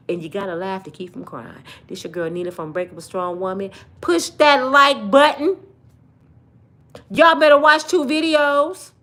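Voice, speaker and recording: Animated, joking woman commentator. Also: a little high. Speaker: YouTube commentator. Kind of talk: casual comedic commentary.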